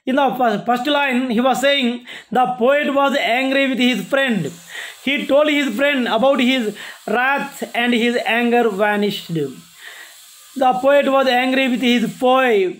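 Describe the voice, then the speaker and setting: A male college lecturer, explaining a poem to his class in a halting, repetitive way and asking himself questions before answering them. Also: very high voice, fairly bright tone. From India. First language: Telugu.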